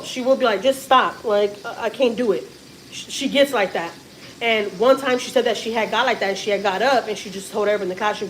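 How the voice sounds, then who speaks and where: A woman talks to her livestream viewers in a casual, emphatic way, often repeating herself. Her voice sits a little high. Faint sizzling from food frying can be heard behind her. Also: a little hiss or hum, poor audio. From Texas, US. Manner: emphatic, repetitive, restarts often. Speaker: family vlogger.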